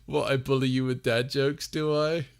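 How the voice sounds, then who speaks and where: A man's voice: medium pitch, level tone, moderate pace, vocal fry, clean tone. A young man hosting a casual live Q&A, reading chat messages aloud and laughing often. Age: young adult. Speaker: livestream host.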